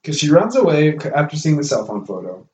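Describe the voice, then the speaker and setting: A man co-hosting a casual horror film podcast, animated and acting out scenes as he retells them. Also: fairly high pitch, distant mic. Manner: animated, acts out scenes in quick voices. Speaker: podcast co-host. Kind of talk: casual film review chat. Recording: echoey room, off-mic, faint hiss.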